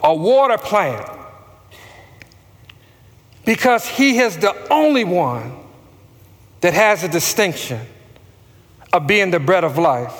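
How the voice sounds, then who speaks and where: A man's voice: sits high, a bit bright, long reverb tail. A man preaching a sermon as pastor, calling out questions for the congregation to answer back. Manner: preaching with call-and-response to the congregation.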